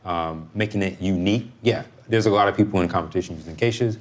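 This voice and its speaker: A man coaching a competitor in casual, blunt, relaxed talk. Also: deep voice, fast talker.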